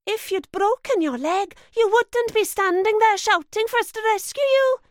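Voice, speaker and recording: A woman voicing a brave, bossy young girl who talks in a brisk, commanding way. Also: extremely high pitch, expressive, no room sound, studio quality.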